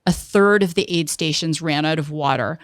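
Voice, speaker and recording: A middle-aged woman telling an animated personal story in an interview, acting out the people she quotes. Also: low-pitched, moderate pace, no room sound, studio quality. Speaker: guest, entrepreneur.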